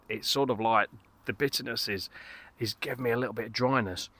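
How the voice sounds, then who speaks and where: A man's voice: mid-range voice, fairly quick, a bit bright. A middle-aged man, reviewing a beer outdoors in a casual, rambling, enthusiastic way, full of fillers and restarts. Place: outdoors in a garden.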